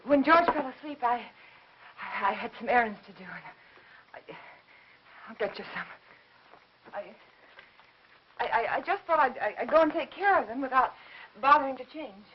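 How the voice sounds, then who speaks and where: Stammering nervous young wife. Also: female voice, high voice, animated, slight background noise. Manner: halting, stammering. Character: nervous, evasive young wife hiding her fear. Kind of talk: 1950s film acting. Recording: muffled old film soundtrack with music behind.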